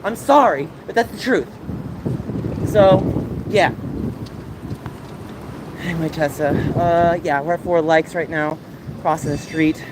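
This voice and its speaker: Fiery high-voiced man ranting outdoors. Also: slow, pauses often. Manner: passionate, ranting, addresses chat by name. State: sore throat, coughing. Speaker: livestreamer. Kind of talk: walking livestream monologue. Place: outdoors on city streets, walking. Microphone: handheld game console mic. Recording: loud wind noise on a handheld device.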